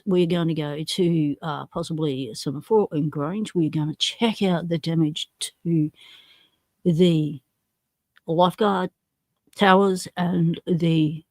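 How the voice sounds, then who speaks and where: A woman's voice: deep voice, darkish tone, no room sound, studio quality. An Australian woman hosting a casual livestream, chatty and self-deprecating, greeting viewers one by one by name. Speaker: livestream host.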